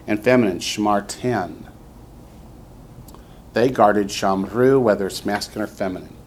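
A man leads a classroom lesson at an unhurried, deliberate pace, with a voice that sits a little low. He patiently repeats each word and waits for students to echo him. A faint hum of room ambience lies under his voice. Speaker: Hebrew teacher. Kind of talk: classroom instruction.

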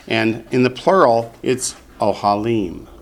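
Slow, gravelly man teaching vocabulary. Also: lowish voice, fairly even intonation, a little hiss or hum. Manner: slow, patient, repeats words for students. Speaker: Hebrew teacher. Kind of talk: classroom vocabulary lesson.

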